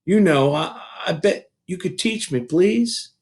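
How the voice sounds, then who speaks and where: A man's voice: high-pitched, expressive, measured pace, pitched above the performer's own voice. A man voicing an eager young girl. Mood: pleading.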